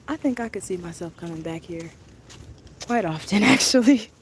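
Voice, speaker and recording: A woman's voice: fairly high pitch, very animated, slow pace, pauses often. A young adult woman, gushing and chatty as she live-streams a walking tour of an outdoor park on her phone. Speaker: travel vlogger. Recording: outdoor noise, wind and ambience.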